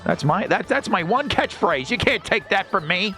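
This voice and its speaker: Animated man streaming a game. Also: high voice, slow, pauses often. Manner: jokey, animated banter. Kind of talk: casual gaming commentary. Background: game music.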